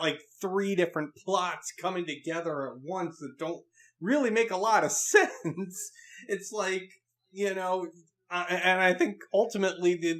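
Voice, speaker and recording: A man's voice: on the high side, a bit bright. A man co-hosting a casual movie review podcast, speaking hesitantly with many ums and uhs. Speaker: podcast co-host.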